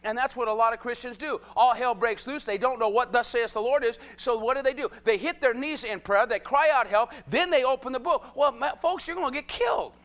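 A man's voice: extremely high pitch, a little fast, few pauses, a bit bright. A man preaching a sermon to his congregation, rhythmic and repetitive, throwing call-and-response questions at the crowd. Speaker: pastor.

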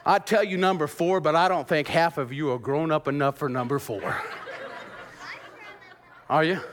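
A man in his fifties preaching a sermon as pastor, lively and joking, bursting into song and laughter, then dropping to a quiet, earnest hush. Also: fairly high pitch, fairly quick, some chatter behind, a little hiss or hum. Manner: animated preacher, bursts into sung snippets and laughter, drops to hushed tones.

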